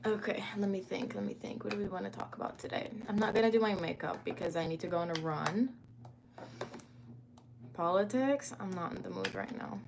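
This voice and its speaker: A woman's voice: mid-range voice, fairly quick, gravelly, background noise. A young woman hosting a casual livestream from home, chatting to viewers and greeting them by name, with plenty of filler words. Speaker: livestream host.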